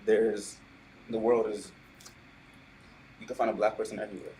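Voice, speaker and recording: A low-voiced man on a podcast who lays out his argument carefully, one step at a time. There is a faint hiss under his voice. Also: flat delivery, dark tone, poor audio. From Prince George's County, Maryland. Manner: measured, explains his point step by step. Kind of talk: casual podcast chat.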